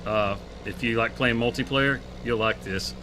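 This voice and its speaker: A man's voice: mid-range voice, moderate pace, sharp tone, slight background noise. A man, streaming a farming game and chatting casually with laughs and country phrasing. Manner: laid-back, laughing, drawling country talk. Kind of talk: casual live gameplay chat.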